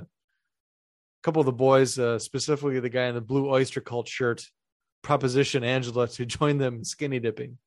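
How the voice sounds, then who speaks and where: A man's voice: medium pitch, no room sound, clean studio sound. A man hosting a podcast, casually and crudely retelling a film's plot with jokes. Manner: crude, joking plot recaps. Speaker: podcast host.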